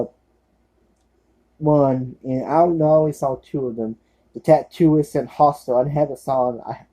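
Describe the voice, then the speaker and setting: A man's voice: medium pitch, dark tone, low-quality recording. A man casually recommending horror films in a vlog, rambling with many fillers and restarts in an offhand, laid-back way. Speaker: horror movie reviewer.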